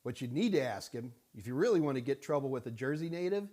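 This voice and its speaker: A man's voice: mid-range voice, expressive, quick pace, warm tone. A man hosting a live-stream Q&A. He chats casually, jokes, and greets viewers by name. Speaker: host answering viewer questions. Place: Houston studio.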